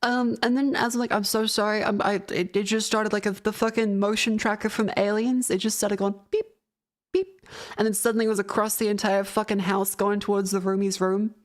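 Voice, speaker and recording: A woman's voice: mid-range voice, flat delivery, fairly quick, hardly any pauses. A young woman streamer chatting casually, telling a rambling story full of laughs and swearing. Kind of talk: casual chat.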